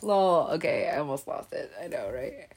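A woman's voice: low voice, big pitch swings, moderate pace, darkish tone, slight background noise. A woman rambling through a comedic commentary, swearing and giggling often.

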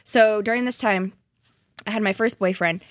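Young female guest, casual storyteller, mid-pitched, dry mic. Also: steady tone, moderate pace, dry recording. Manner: casual, fills with "like" and "um". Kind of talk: telling her life story.

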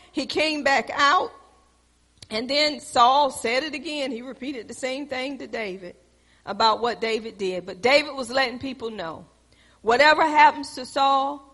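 Lady preaching, high bright voice, long echo like a big hall. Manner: preaching with rising fervor, addressing the congregation. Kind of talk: sermon.

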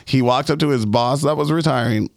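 A man's voice: mid-range voice, fairly quick, vocal fry, no echo, clean studio sound. A man co-hosting a casual podcast, telling stories in a rambling way with plenty of fillers and swearing. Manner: rambling storyteller, swears freely, lots of fillers. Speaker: podcast co-host. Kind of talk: casual chat.

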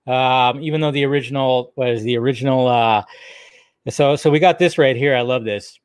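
A man with a mid-range, clean-toned voice hosts a live video show at a moderate pace, answering viewer comments in a casual chat. He's loose and offhand, rambling with lots of fillers and restarts and swearing casually.

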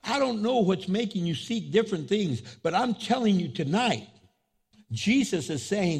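Husky-voiced man preaching with big swings. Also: very animated, normal speed. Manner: preaching with big swings in pitch and loudness, voicing quoted speech. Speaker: pastor. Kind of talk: sermon. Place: church, with an online audience.

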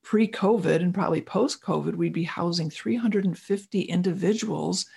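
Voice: medium pitch, moderate pace, gravelly, a little mellow, slightly rough. An interviewer asking questions and reacting in a friendly, enthusiastic conversational way. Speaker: interviewer, producer.

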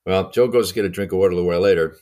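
A man's voice: sits low, background noise. An older man, a podcast co-host and former baseball coach, telling anecdotes in casual conversation with frequent chuckles. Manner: fast, lively anecdotes with chuckles.

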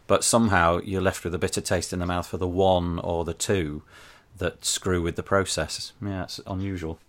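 A man co-hosting a podcast, chatting casually and laughing easily, with lively jumps in pitch. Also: normal speed. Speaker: podcast co-host.

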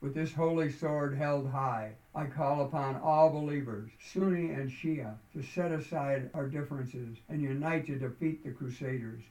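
Man narrator voicing a militant male leader in a proclamation, declamatory, mid-pitched, in a roomy space. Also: moderate pace, hardly any pauses, far from the mic, lightly acted. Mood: fiery proclamation. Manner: declamatory, rising to shouts. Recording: roomy echo.

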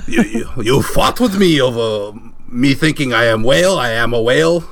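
A man's voice: mid-range voice, expressive, normal speed, creaky, slight background noise. A man putting on a bumbling French-accented whale. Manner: broken English, bumbling. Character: dim male whale caller with fake French accent.

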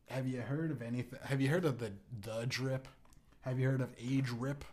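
A man's voice: mid-range voice, darkish tone. A man hosting a podcast, rambling through a provocative, profane comedic monologue full of restarts. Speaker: podcast host.

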